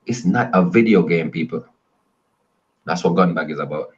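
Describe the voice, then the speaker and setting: A man's voice: low-pitched, moderate pace, dull audio. A Jamaican man who is a guest musician on a casual radio interview, talking in an emphatic, repetitive, preaching cadence. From Spanish Town, Jamaica.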